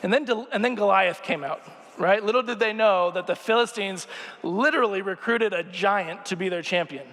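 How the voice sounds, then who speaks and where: A man's voice: high voice, normal speed, fairly bright tone, in a large hall. A young man preaching a casual sermon, chatty and joking and asking the crowd questions, in a church sanctuary.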